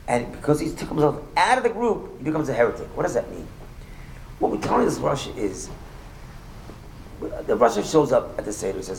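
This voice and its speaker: Rabbi teaching a lively class, man, quick and animated, slightly high voice with gravelly edges, roomy echo. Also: a little hiss or hum. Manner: animated, rapid, joking, with many restarts. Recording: echoey room with faint ambience.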